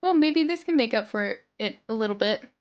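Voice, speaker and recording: A woman's voice: fairly high pitch, animated, fairly quick, muffled recording, lightly acted. A woman reading aloud as a kind young woman florist, in a plain script-reading manner. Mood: gentle.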